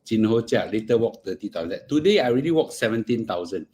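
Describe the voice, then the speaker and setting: A middle-aged man with a Singaporean English accent chats casually to his livestream audience, slipping between Singlish and Mandarin. His voice sits low but moves up and down a lot. A faint hiss runs underneath. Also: animated, fast talker, a little mellow. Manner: chatty, mixes Singlish and Mandarin, murmurs while eating. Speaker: finance livestream host.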